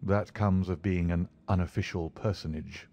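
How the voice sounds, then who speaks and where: A man reading the part of a calm, aloof male detective, cool and unhurried in manner. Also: deep voice, highs cut off. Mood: dismissive.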